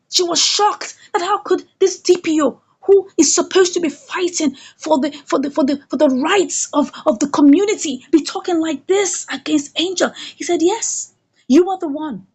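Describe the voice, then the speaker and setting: A woman reviewing a drama series, retelling the episode in a dramatic storytelling way and asking the listener rhetorical questions. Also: high voice. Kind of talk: animated recap of a drama episode.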